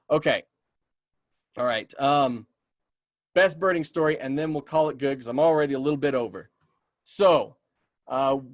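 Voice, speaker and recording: Speaking in a mid-range voice that is starting to tire, this man works as a community naturalist and is running a relaxed webinar. He answers questions from the audience with eager, talkative energy, filling his speech with ums and okays, and the sound is studio-clean with no echo.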